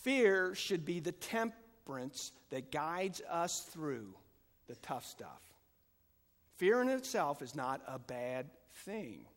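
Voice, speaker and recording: A man preaching a sermon as pastor, moving between calm teaching and loud, fervent passages. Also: on the high side, slow. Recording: long hall reverb.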